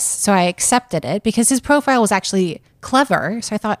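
A woman's voice: mid-range voice, lively intonation, moderate pace, dry recording, studio quality. A woman co-hosting a podcast, chatting casually and telling dating stories with frequent laughs. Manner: chatty storyteller, laughs often. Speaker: podcast co-host. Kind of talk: casual chat.

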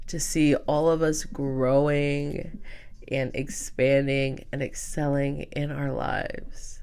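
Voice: mid-range voice, flat delivery, takes it slowly, darkish tone, clean tone. A podcast host and tarot reader giving an emotional, casual sign-off, tearful, chatty and freely profane.

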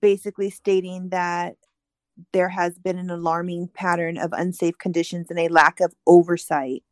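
A woman's voice: lowish voice, fairly even intonation, normal speed, dry recording, studio quality. A woman on a casual podcast, reading out and explaining a news story with frequent ums and restarts. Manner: explanatory, reads aloud with many ums.

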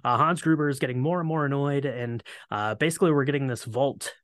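A man's voice: medium pitch, fast, fairly bright tone, no room sound. A man co-hosting a casual chat, retelling a film's plot in a rambling way with lots of fillers. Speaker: podcast co-host. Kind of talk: casual movie recap chat.

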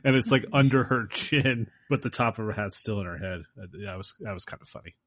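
A man co-hosting a casual film podcast, easygoing and agreeable in his remarks. His voice sits fairly low. The recording is close and dry, with no room sound. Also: fast talker, a bit bright, no echo. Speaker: podcast co-host.

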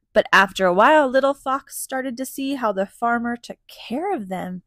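A woman reading a children's picture book aloud, gentle and animated, pausing to ask questions. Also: a little high, dry recording, studio quality. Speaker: storybook reader for children.

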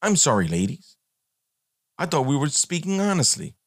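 A man's voice: on the high side, very animated, moderate pace, no echo, clean studio sound. A man hosting a podcast, giving a blunt, profane, rambling monologue with many fillers. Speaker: podcast host.

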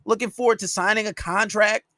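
A man with a high voice delivers a solo podcast rant. He scolds his listeners with heavy profanity and hammers every point home, and his voice sounds dry and close, with no room sound around it. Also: steady tone, a little fast, bright, forceful tone, dry recording. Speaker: podcast host and dating coach.

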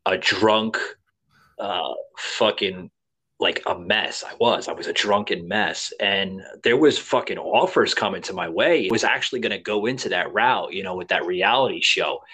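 A man's voice: lowish voice, moderate pace, sharp tone, slightly rough. A man hosting a podcast, telling rambling, profane stories in casual chat. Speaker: podcast host.

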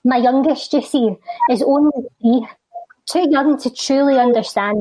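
A Scottish woman with a fairly high voice recites a spoken word poem with a steady rhythm, then slips into quick, chatty talk. She is recorded close and dry, with no room sound around her. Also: no echo, low-quality recording. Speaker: charity guest and spoken word poet.

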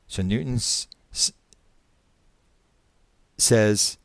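A man giving a spoken lecture, retelling a case in a halting storytelling manner. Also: on the low side, no room sound. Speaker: speaker recounting a case.

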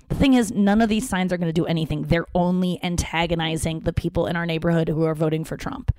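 A woman's voice: on the low side, fast, few pauses, darkish tone, no echo, studio quality. A woman hosting a podcast, talking in a casual, rambling, self-deprecating way and swearing now and then. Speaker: podcast host. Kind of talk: casual solo monologue.

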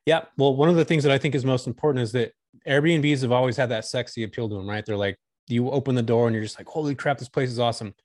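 A man's voice: medium pitch, steady tone, fast, darkish tone, no echo, studio quality. A man talking candidly and enthusiastically as a guest on a casual podcast chat. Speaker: guest, short-term rental host.

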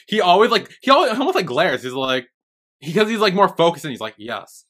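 A man's voice: a little high, sing-song, brisk, a bit bright. A young man co-hosting a podcast, chatty and retelling scenes with frequent swearing. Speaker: podcast co-host. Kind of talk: casual chat.

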